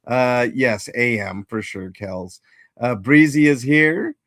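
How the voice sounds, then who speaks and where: A man's voice: mid-range voice, animated, slow pace, fairly bright tone, no room sound, clean studio sound. A man hosting a casual livestream, rambling and greeting chat viewers by name. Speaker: livestream host.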